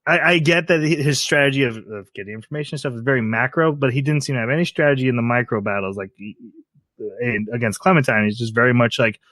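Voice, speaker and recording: A man's voice: mid-range voice, quick pace, a bit bright, dry recording. A man co-hosting a podcast, talking in a critical, thoughtful way and often laughing. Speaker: podcast co-host. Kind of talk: casual discussion.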